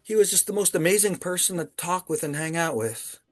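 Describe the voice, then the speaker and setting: A man from Ontario, Canada, a guest telling a story casually over a video call, animated and laughing often. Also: high-pitched, a little fast, no echo, studio quality.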